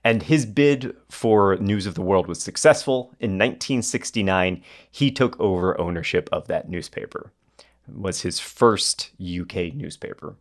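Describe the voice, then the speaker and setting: A man's voice: low voice, measured pace. A man hosting a podcast, telling a history story in a conversational way with asides to his co-hosts. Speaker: podcast host.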